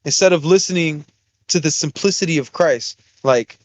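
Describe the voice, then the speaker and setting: A young man with a noticeably high voice rambles through a profane story on a casual podcast. He is recorded close and dry, with no room sound around him. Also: normal speed, no echo. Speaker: podcast co-host.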